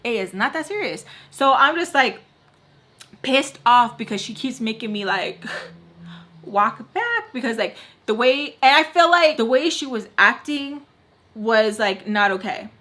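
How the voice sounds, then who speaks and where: Bright, fired-up young woman ranting. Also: fairly high pitch. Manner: heated, ranting, swears freely, fillers of "like". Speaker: beauty vlogger telling a story. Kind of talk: casual storytime chat.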